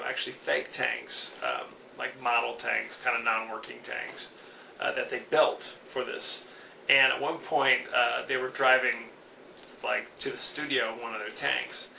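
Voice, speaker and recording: Brief: male podcast host, casual wry review, bright gravelly voice, echoey room, mic at a distance, faint hiss. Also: mid-range voice. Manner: dry, wry asides with a repeated catchphrase. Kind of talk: solo movie review monologue.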